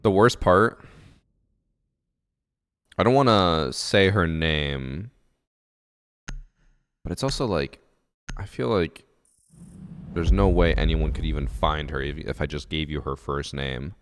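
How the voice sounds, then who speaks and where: A man's voice: very deep voice, slow pace, long pauses, no room sound. A man in his twenties chatting casually on a live stream, telling a profane, ranting story. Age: 20s.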